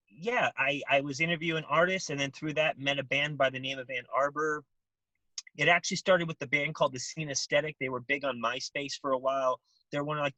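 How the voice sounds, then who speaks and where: Male guest, bright and slightly husky, energetic anecdotal delivery, dry room. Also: medium pitch, no echo, poor audio. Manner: animated storytelling, acts out voices, many restarts. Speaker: interview guest. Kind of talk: casual interview.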